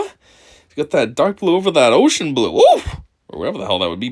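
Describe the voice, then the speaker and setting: A man talks over a video he is reacting to, mocking it in crude terms. His pitch swings all over the place, from low grumbles to sudden high yelps. He keeps breaking into laughter as he goes. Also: wildly swooping pitch, brisk. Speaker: commentary host. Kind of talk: reaction commentary.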